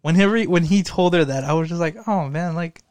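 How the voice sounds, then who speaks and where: A man co-hosting a podcast, talking casually and excitably, swearing and laughing as he goes. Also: a little high, quick pace, dry recording. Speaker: podcast co-host. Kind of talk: casual chat.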